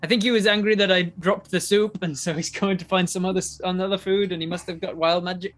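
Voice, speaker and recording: A man's voice: sits high, steady tone, quick pace, fairly bright tone. A man voicing a flustered male Azer cook in a tabletop game, stammering and tripping over his words.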